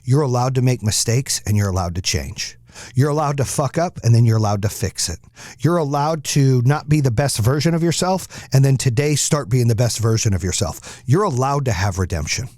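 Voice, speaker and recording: A man's voice: mid-range voice, expressive, a little fast, a little mellow, no echo, studio quality. A man hosting a podcast, giving a blunt, profane, fired-up motivational monologue. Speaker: podcast host.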